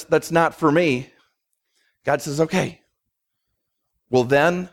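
A man preaching an expository sermon in a conversational, emphatic way, slowing down to stress key words and briefly voicing quoted speakers. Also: on the high side. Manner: voices God and others in quick asides. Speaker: pastor.

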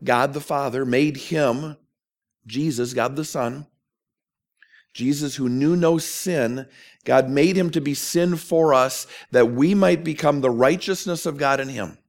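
A man's voice: medium pitch, measured pace. A man preaching a sermon as a pastor, earnest and emphatic, asking questions of his listeners.

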